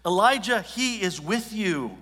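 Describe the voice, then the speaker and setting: A commanding, ancient God declares each word with emphasis, in a raised and forceful voice, as a preacher takes him on. The voice rings through a big hall and its long echo. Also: male voice, sits high, expressive, a little slow, pitched above the performer's own voice, heavily acted.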